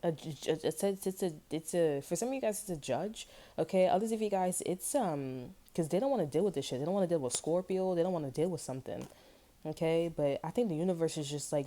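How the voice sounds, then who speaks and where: A woman with a low, mellow voice talks through a tarot reading in a loose, meandering way. She keeps checking in with "you know what I'm saying" and curses casually, with a blunt, unfiltered edge. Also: quick pace. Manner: blunt and swearing freely. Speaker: tarot reader.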